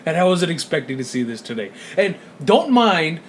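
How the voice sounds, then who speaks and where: A man co-hosting a podcast, telling a profane, animated story with lots of quoted asides in casual chat. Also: on the high side, normal speed, a little hiss or hum. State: sleepy. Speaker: podcast co-host.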